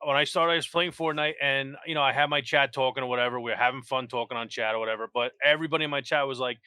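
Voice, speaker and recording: A man's voice: mid-range voice, fairly even intonation, racing, pushed and bright, smooth, no echo. A man hosting a casual podcast panel, telling stories animatedly and full of quoted dialogue. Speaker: podcast panel host and streamer.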